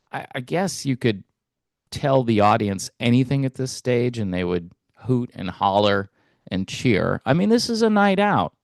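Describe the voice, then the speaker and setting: A man hosting a music commentary channel, talking in a relaxed, hesitant way with wry asides. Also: mid-range voice, no echo, clean studio sound. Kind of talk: casual reaction commentary.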